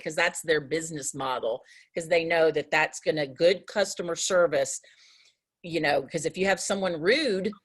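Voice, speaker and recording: A woman teacher talking earnestly with her class on a video call, rambling and restarting her sentences. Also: fairly low pitch.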